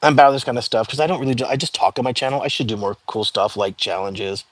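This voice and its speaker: Male livestream host, casual chatter to viewers, mid pitch, dry close sound. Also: fast talker, slightly rough, no room sound. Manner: chatty, frequent fillers, reads out viewer comments.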